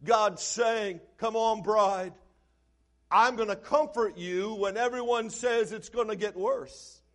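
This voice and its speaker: Man, pastor, sermon, high voice, unhurried, loud-soft swings. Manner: preaching with big swings from soft to shouted.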